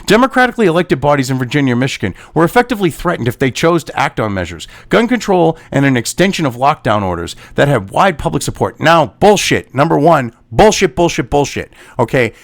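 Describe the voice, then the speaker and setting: Speaking fast and very animated with hardly any pauses, a man hosting a political commentary show reads out an article and angrily rants against it with sarcastic, profane insults. His voice sits mid-range, and the recording is dry.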